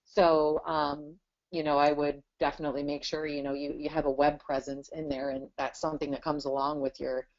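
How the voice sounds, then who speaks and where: A low-pitched woman speaks a little fast with little pitch movement, a business owner in her thirties in a casual webinar interview. Chatty and full of "you know" fillers, she comes through in dull lo-fi audio.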